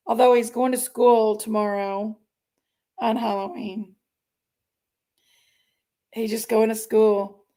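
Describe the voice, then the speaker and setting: A woman's voice: on the high side, a little mellow. A woman hosting a casual livestream, chatting and greeting viewers by name as she reads their comments. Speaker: livestream host reading chat.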